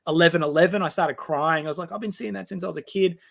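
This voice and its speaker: Animated Australian man in his forties telling stories. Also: fairly high pitch, fast talker, vocal fry. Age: 40s. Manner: animated storyteller who acts out quoted voices. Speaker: guest. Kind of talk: casual storytelling interview.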